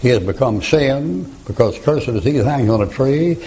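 Older male preacher, gravelly and mellow, folksy storyteller who chuckles and rises to fervent rhymes. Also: medium pitch, expressive, moderate pace, rough recording. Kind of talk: folksy sermon with anecdotes.

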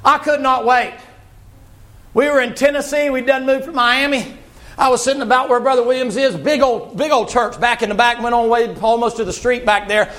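A man preaching a folksy, animated sermon and shouting at its peaks. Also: extremely high pitch, a little fast. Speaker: pastor.

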